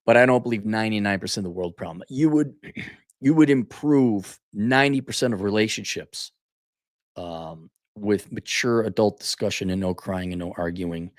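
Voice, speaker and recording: A man hosting a casual opinion monologue, blunt and animated, often restarting his sentences. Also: fairly low pitch, normal speed, no echo, clean studio sound. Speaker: podcast host.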